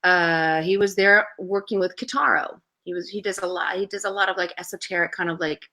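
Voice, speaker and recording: A woman's voice: fairly low pitch, steady tone, brisk, bright, forceful tone. A middle-aged woman, a guest in an interview, chatty, telling anecdotes and acting out the voices of people in them. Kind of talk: animated storytelling in an interview.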